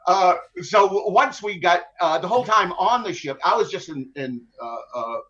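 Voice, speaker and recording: An older man, a former ship captain, recounts his story in a podcast interview in a wry, halting way. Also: high-pitched, animated, pushed and bright, highs cut off. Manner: wry, halting, full of restarts and laughs.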